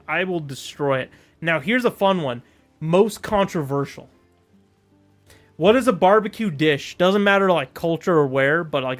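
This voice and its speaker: A man from Europe streaming a game with casual, joking commentary, rambling and often laughing. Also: on the high side.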